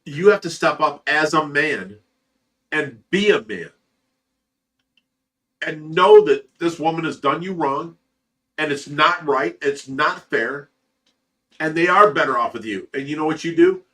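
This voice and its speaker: Blunt, bright-voiced middle-aged man. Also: on the high side, animated, a little slow, pauses often, far from the mic. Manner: blunt, profane, earnest fatherly advice. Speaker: livestream host reading chat. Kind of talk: casual livestream chat.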